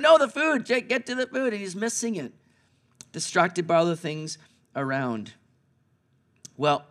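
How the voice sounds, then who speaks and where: High-voiced male pastor, Easter sermon, dynamic hushed-to-loud delivery. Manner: dramatic swings between hushed and raised voice.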